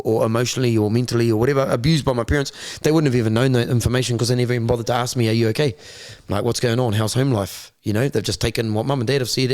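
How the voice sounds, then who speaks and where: A man's voice: medium pitch, a little mellow. A man, a guest candidly telling his life story in an interview, blunt, swearing freely and repeating words as he searches for them.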